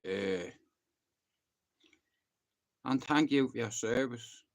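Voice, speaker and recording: An Irish man chats on a live stream in a loose, rambling way. His talk is blunt and sprinkled with swearing. His voice sits at an ordinary middle pitch for a man. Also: extremely slow. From Ireland. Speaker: livestreamer. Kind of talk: casual storytelling on a live stream.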